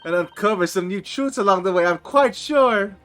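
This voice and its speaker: A man's voice: sits high, lively intonation, moderate pace, a bit bright, soft background music. A man voicing an earnest, polite young male defense lawyer from a video game.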